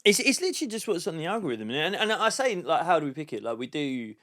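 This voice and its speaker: Man, casual podcast chat, lively pitch swings, slightly high voice. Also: fast. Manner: animated storytelling, sweary, acts out quotes. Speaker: guest comedian.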